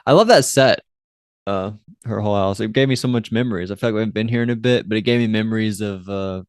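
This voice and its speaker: A man with a lowish voice co-hosts a casual recap podcast. He rambles loosely, often trails off mid-thought, and slips into playful quotes of characters. His voice sits close and dry, with no room around it. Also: quick pace, clean tone, no echo. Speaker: podcast co-host.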